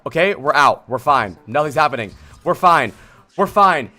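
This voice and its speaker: A man streaming a gameplay vod review, blunt and exasperated, swearing and yelling at the player he coaches. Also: on the high side, lively intonation, normal speed, soft background music. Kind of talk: livestream game vod review.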